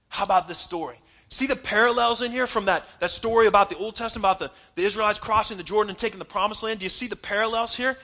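A man preaching a sermon with a high voice. He sounds bright and forceful, talking to the congregation in a casual, emphatic way. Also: fast talker. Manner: emphatic, conversational, laughs while preaching. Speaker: pastor.

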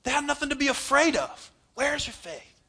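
A man's voice: very high voice, animated, normal speed, gravelly, pushed and bright. A man preaching a sermon in an emphatic, conversational way, laughing now and then as he talks to his congregation. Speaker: pastor.

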